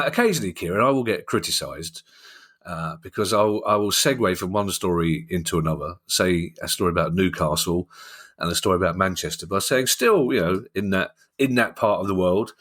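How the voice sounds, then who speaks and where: A man's voice: on the low side, fairly bright tone. A man with a South London accent, co-hosting a podcast in casual, joking chat full of anecdotes and restarts. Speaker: podcast co-host.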